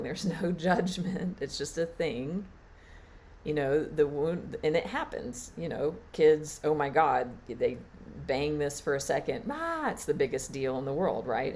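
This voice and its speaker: A woman teacher giving a reflective spiritual talk on a live stream, halting and trailing off with fillers. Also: deep voice, lively intonation, a little mellow, slight background noise. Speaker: meditation and Reiki teacher.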